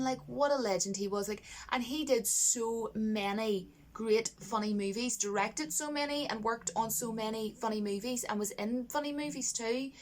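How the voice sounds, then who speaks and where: A woman chatting to camera about a film she loves, gushing and animated, laughing often and mimicking lines in a higher voice. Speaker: vlogger reviewing a film. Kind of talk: casual chat to camera.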